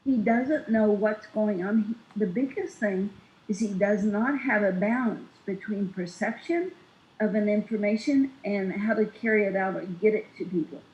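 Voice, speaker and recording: A woman guest on a casual political talk show, speaking deliberately and emphatically. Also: mid-range voice, darkish tone. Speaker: guest analyst. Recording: echoey lo-fi call audio.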